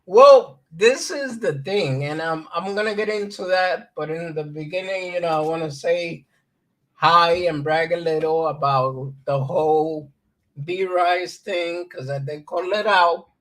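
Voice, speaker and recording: A man hosts a laid-back crypto livestream into his streaming mic. His voice sits somewhat high and he talks slowly, rambling between topics and reading news aloud haltingly. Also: rough recording. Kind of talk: casual livestream chat.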